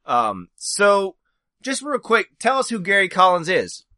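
Male interviewer, slightly high, bright voice, halting and filler-heavy. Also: wildly swooping pitch, no room sound, studio quality. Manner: halting, many ums and restarts. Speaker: podcast host. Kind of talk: casual interview.

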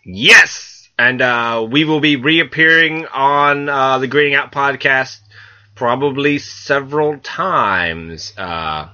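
A man co-hosting a comedy podcast, excitable and rambling, poking fun at himself. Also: medium pitch, takes it slowly. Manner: excitable, rambling, self-mocking. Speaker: podcast co-host. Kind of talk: casual comedic podcast banter. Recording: dull lo-fi podcast audio.

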